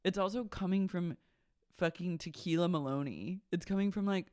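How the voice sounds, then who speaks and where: A woman co-hosting a casual podcast, recapping gossip and acting out what people said in quick impressions. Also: lowish voice, a little mellow, dry recording, studio quality. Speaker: podcast co-host. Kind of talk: casual chat.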